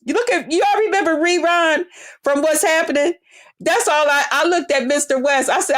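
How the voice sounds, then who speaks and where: A woman telling a story in a loud, brash, profane rant. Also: high-pitched, moderate pace. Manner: loud, brash, heavy swearing, animated retelling. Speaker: vlogger.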